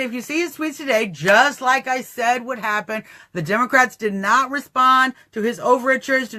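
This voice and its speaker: A woman giving an animated political commentary on a livestream, mocking opponents, acting out voices and laughing at her own jokes. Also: mid-range voice.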